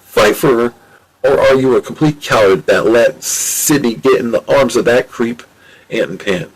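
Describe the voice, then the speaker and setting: A man voicing Anne, a sharp-tongued, scornful young woman. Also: medium pitch, a little slow, low-quality recording. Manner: sneering, cutting.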